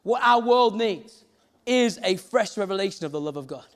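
A man's voice: sits high, lively intonation, normal speed. A man preaching a sermon, telling stories and acting out the voices of the people in them. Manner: storytelling, acts out quoted voices. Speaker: pastor. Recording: reverberant hall.

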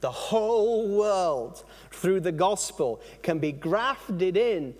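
A man preaching a sermon, animated, stopping and restarting phrases as he explains. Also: high-pitched, slow pace, long reverb tail. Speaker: pastor.

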